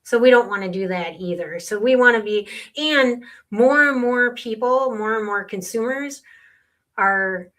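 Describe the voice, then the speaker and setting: A woman's voice: a little high, a little slow, a bit bright. A middle-aged woman, a sales tax consultant, explaining earnestly with client stories in a podcast conversation.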